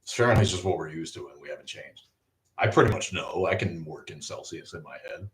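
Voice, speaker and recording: A man co-hosting a casual livestream chat, animated, joking and swearing freely. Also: deep voice, fairly quick, roomy sound, far from the mic. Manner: animated, profane, jokey. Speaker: podcast co-host. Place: garage.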